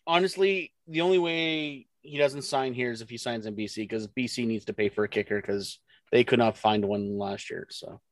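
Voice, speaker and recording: A man co-hosting a casual football chat, blunt and animated and quick with a jab. His voice sits at a middle pitch. The sound is close and dry. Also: no room sound. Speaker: sports podcast co-host. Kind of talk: casual sports talk.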